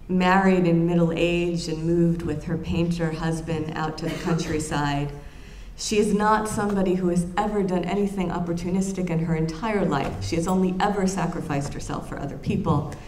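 A woman giving an academic lecture in an earnest, reflective way, often pausing and restarting her phrases. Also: on the low side, steady tone, a little mellow, slight background noise. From United States. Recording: roomy lecture room with faint ambience.

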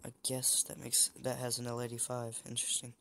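A man's voice: mid-range voice, completely flat delivery, brisk, gravelly, pushed and bright, a little hiss or hum. Chatty young man commentating gameplay. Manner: chatty, teasing opponents, frequent restarts. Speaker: gameplay streamer.

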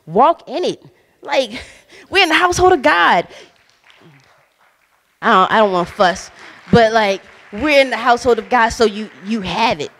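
A woman's voice: on the high side, lively intonation, moderate pace, long pauses, a bit bright. A woman guest minister giving a casual, conversational sermon, emphatic and bold, with slang and frequent laughter. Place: church hall. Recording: long church hall reverb.

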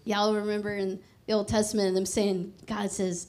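A woman's voice: mid-range voice, little pitch movement, moderate pace, a little mellow. A young adult woman preaching a sermon in a casual, conversational way, often laughing and stressing words playfully. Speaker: pastor.

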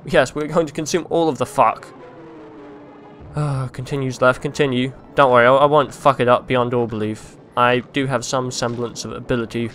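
A young man commentating a video game he is playing, rambling and crude, mocking himself and breaking into silly yells. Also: mid-range voice, steady tone, moderate pace, soft background music. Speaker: let's play host.

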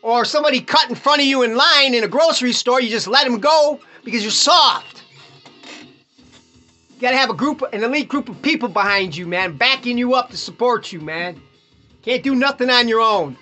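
A man's voice: very high voice, normal speed, bright, forceful tone, soft background music. A man hosting a podcast, ranting bluntly and profanely in casual talk while opening baseball cards, chuckling often. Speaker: podcast host.

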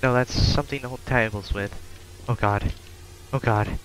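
A man giving crude, profane let's-play commentary on a horror game, joking and yelling when scared. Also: mid-range voice, fairly even intonation, normal speed, heavy background noise. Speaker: gamer playing a horror game.

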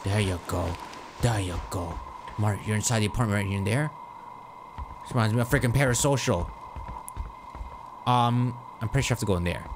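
A man giving casual, jokey let's-play commentary, talking to the game and shouting at it as he plays. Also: fairly low pitch, a little fast, pauses often, background noise. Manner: excitable, jokey, yells at the game. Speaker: gaming streamer.

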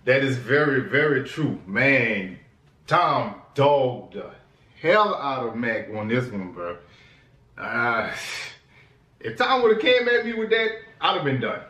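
A man hosting a casual reaction vlog, excitedly hyping things up with lots of repetition and laughter. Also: mid-range voice, slow, lo-fi sound. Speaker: host reacting to music. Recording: echoey room, distant mic.

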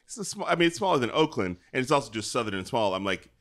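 Fast animated man telling stories. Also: mid-range voice. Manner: animated storyteller acting out quotes. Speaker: guest. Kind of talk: casual podcast chat.

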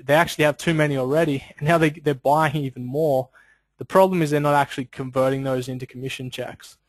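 A man's voice: medium pitch, fairly even intonation, fast, no echo, poor audio. A man presenting an instructional webinar in a loose, conversational way, full of casual asides. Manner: conversational, loose, peppered with "you know" and "like".

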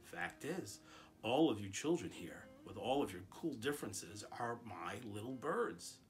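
A man reading aloud, voicing a gentle, wise school principal who speaks quietly and kindly. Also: lowish voice, sing-song, measured pace, soft background music. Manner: quiet, gentle and warm-hearted.

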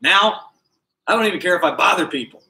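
A man leading a live kids' exercise class, calling out moves in an energetic, upbeat, nonstop patter while exercising along. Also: high-pitched, a little fast. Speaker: kids' PE coach. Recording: echoey room sound.

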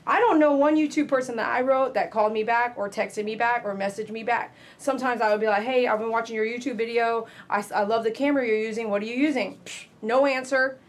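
A woman's voice: a little high, fast. A woman, a dog groomer chatting casually to her live-stream viewers while she works in her grooming salon. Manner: chatty and animated, mimics callers loudly.

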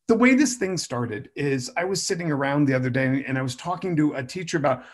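A man's voice: fairly high pitch, fast talker, breathy edge. A middle-aged man who speaks about music education, telling a story in a jokey way and acting out the quotes. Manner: animated, jokey, acts out quotes. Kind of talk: storytelling talk.

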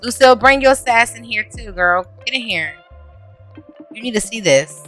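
A woman's voice: a little high, lively intonation, moderate pace, sharp tone, soft background music. A woman narrating a life-sim game video in a sassy, dramatic way, full of slang. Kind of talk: casual gameplay commentary.

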